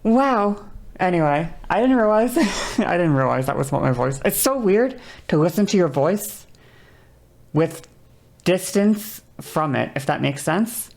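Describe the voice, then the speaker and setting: A woman's voice: low-pitched, animated, unhurried, vocal fry, darkish tone. A woman streamer chatting casually and rambling, laughing often and correcting herself mid-sentence. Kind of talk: casual livestream chat.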